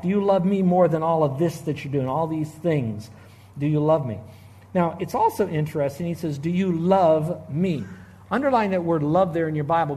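A middle-aged man preaching a sermon as a pastor, animated, swinging between loud emphasis and hushed asides. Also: a little high.

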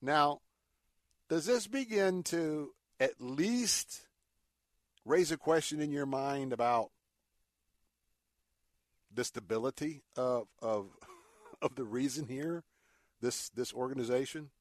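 A man's voice: medium pitch, slow, long pauses, no room sound, clean studio sound. A man hosting a talk show, giving opinionated commentary in an indignant, emphatic way with sarcastic, folksy asides. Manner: indignant, emphatic, repeats words for effect. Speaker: radio talk show host.

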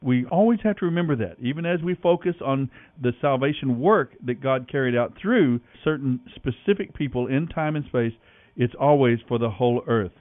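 A man hosting a Bible reading, measured and earnest, reading scripture with commentary. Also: mid-range voice, dry recording. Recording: tinny phone-like line, faint music.

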